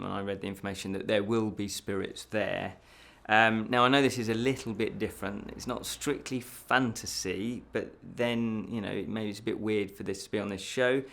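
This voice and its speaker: A man's voice: lowish voice, creaky, a bit bright. Chatty man hosting a news show. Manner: chatty, laughs at his own slips. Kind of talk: casual news reading.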